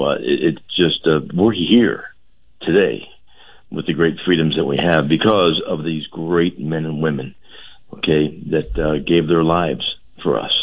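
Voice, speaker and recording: Deep husky man, folksy and rambling. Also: phone-quality sound. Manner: folksy, patriotic, rambling storyteller. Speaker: car dealership owner, radio guest. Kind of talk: casual radio chat.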